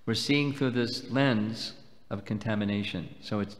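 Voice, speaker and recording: A low-voiced man delivers a measured devotional lecture, pausing to explain each point. His voice rings out with a long reverb that fills the temple hall. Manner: measured, explanatory, slow and deliberate. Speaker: swami lecturing at a festival.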